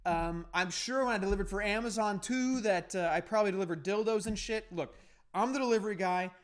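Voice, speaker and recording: A man's voice: high voice, brisk. A man hosting a podcast, telling a story in casual, profane, heated rambling. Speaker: podcast host.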